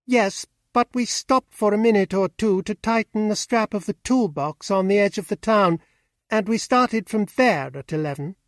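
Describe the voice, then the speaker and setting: A man reading an audiobook, voicing a lively cheerful young woman driver with a light, laughing manner. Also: high-pitched, moderate pace, no room sound, clean studio sound, close to an everyday voice.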